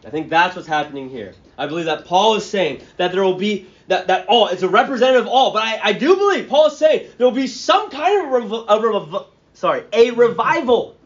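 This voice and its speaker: A pastor with a notably high voice works through a Bible passage as if talking with friends. He keeps asking "right?" and "okay?" and trips over restarts as his thoughts run ahead. The recording sounds muffled and lo-fi. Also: animated, brisk. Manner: conversational, checks in with "right?" and "okay?"; stammers and restarts mid-phrase. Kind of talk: expository sermon. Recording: dull lo-fi sound.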